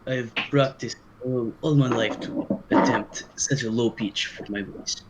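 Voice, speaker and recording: A man voicing a low-voiced bat pony character, the child of guards, who talks in a stiff, formal way during online role-play. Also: a little slow, background noise, close to an everyday voice. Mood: earnest.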